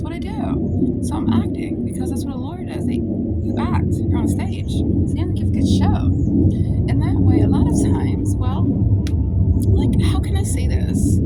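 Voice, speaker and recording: A woman in a casual rant to camera, blunt and profane, laughing often, talking as a law student and comedian. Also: high-pitched. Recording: noisy with vehicle sounds behind.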